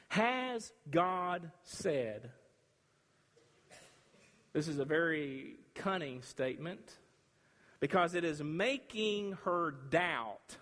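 A man preaching a sermon, emphatic and dramatic, with long pauses between phrases. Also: on the high side, fairly bright tone. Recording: reverberant hall.

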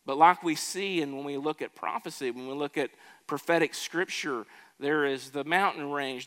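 A man's voice: a little high, a bit bright, in a large hall. A man preaching a sermon in earnest, building to emphatic swells and often restarting his phrases. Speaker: pastor.

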